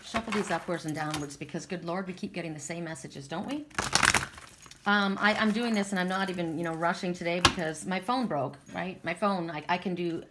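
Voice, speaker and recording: A woman's voice: fairly low pitch, heavy background noise. Emotional woman reading tarot cards. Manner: emotional, tearful at times, chatty and repetitive. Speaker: tarot reader. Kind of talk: casual spiritual card reading.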